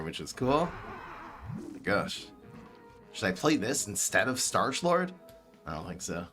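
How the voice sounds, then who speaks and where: A man with a light New York-tinged East Coast accent, streaming a card game and thinking aloud in excitable, laughing commentary. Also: medium pitch.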